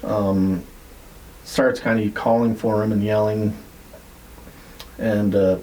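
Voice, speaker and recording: Mellow-voiced man spinning a casual yarn. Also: on the low side, flat delivery, slow pace, a little hiss or hum, poor audio. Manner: loose, rambling retelling with frequent "like" and swearing. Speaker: podcast host. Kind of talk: casual storytelling.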